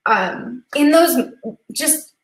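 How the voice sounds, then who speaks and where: A woman's voice: high voice, lively intonation, extremely slow. A woman in her thirties hosting a casual live-stream chat, earnest and chatty, laughing easily and getting teary. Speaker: host of a live coffee chat. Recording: echoey room.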